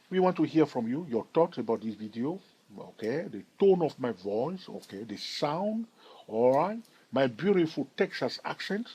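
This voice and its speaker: Husky-voiced man teaching stock charts. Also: mid-range voice, darkish tone, poor audio. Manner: keeps checking in with "all right?"; chatty and jokey with viewers. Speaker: stock trading channel host. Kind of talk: chart analysis tutorial.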